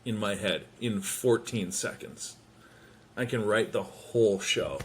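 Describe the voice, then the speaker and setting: A man hosting a podcast, telling a comedic story in a casual, animated way, swearing and slipping into quick impressions of people. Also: fairly low pitch, slight background noise. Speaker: podcast host. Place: home.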